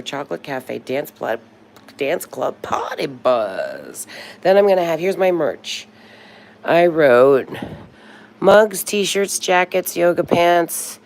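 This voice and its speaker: A woman's voice: deep voice, very animated, slow, gravelly, darkish tone. A woman in her sixties chatting casually on a live stream, talkative and swearing freely when frustrated. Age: 60s.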